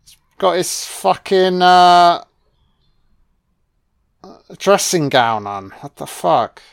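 A man with a high, gravelly yet clear and resonant voice speaks extremely slowly. He delivers a deadpan, sarcastic, sweary comedic commentary on a film, full of profanity.

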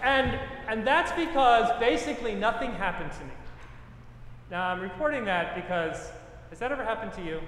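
A man's voice: sits high, lively intonation, fairly quick, a bit bright, slight background noise. A middle-aged man, a pastor, preaching a sermon with emphatic repetition and personal stories. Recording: echoey hall with long reverb.

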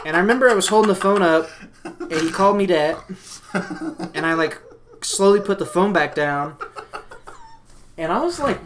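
A man's voice: a little high, fairly quick, a bit bright, a little hiss or hum. A young man casually telling a story on a podcast, swearing freely and acting out both sides of old phone calls. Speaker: podcast host.

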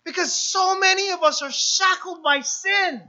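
A woman's voice: very high-pitched, unhurried, bright, forceful tone. A woman pastor preaching a sermon, repeating phrases and building emphasis, with asides to the congregation. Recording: dull lo-fi sermon recording.

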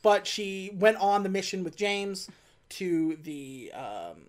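A woman's voice: mid-range voice, slow. A woman casually recapping a movie on a podcast, quoting the characters and laughing as she talks. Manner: animated retelling, quotes characters, laughs while talking. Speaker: podcast co-host recapping a film. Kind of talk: casual chat.

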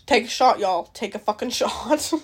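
A woman's voice: on the high side, animated, moderate pace, slightly rough. A young woman hosting a podcast alone, chatting in a rambling, self-interrupting way and swearing freely. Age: young adult. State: dry-mouthed and out of breath. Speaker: podcast host. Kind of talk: casual solo chat.

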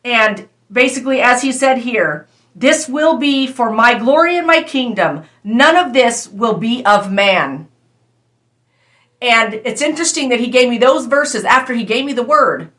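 A woman with a bright, fairly high voice delivers a prophetic word as a sermon. She speaks earnestly, retelling a scripture passage and then talking to her listeners in a casual, direct way. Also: lively intonation, a little slow. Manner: earnest, conversational, addresses listeners as "you guys". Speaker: prophetic preacher.

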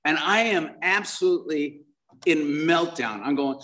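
A middle-aged man shares his recovery story in a rambling, self-deprecating way, often stopping and restarting mid-sentence. His voice sits a little high for a man. It is picked up from some distance away from the mic. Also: measured pace, pushed and bright. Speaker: main speaker at a recovery meeting. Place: meeting room before a live audience.

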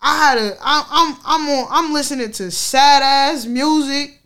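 A woman's voice: sits high, unhurried, sharp tone. A woman telling viewers a personal story in a frank, slangy, profane way, laughing often. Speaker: vlogger sharing a personal story. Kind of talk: candid casual storytelling to viewers.

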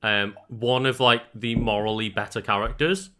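A man's voice: medium pitch, fairly even intonation, normal speed, sharp tone. A man in casual chat, laid-back and laughing along.

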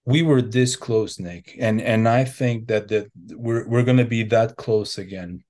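A man talking in a casual interview, halting and earnest, with frequent restarts and fillers. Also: mid-range voice, darkish tone. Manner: hesitant, many restarts and fillers. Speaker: interview guest.

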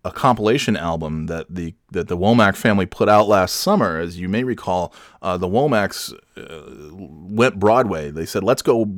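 A man's voice: sits low, animated, normal speed, few pauses, dry recording, clean studio sound. A man hosting a comedy podcast alone, rambling between bits with many fillers and trailing remarks. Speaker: podcast host.

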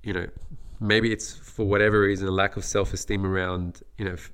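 A man's voice: low-pitched, little pitch movement, brisk, fairly bright tone, smooth. A young Australian man from Western Sydney, co-hosting a casual podcast chat, blunt and opinionated. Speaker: podcast co-host.

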